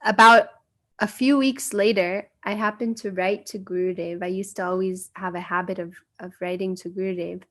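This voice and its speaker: A lowish, steady-toned voice at moderate pace and with few pauses belongs to an American woman sharing memories as a guest speaker. Her personal storytelling is earnest, and she imitates the voices she quotes.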